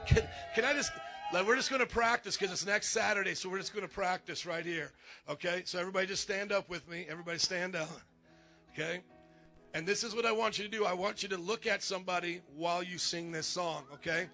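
High, bright-voiced pastor calling out to a congregation. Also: male voice, fast talker, soft background music. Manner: animated, joking, calls out to the congregation. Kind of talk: energetic church announcements. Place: church sanctuary.

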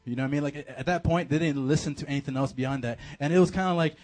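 A man preaching a casual, animated sermon to a youth group, full of slang and fillers. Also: on the high side, very fast, few pauses. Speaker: youth pastor.

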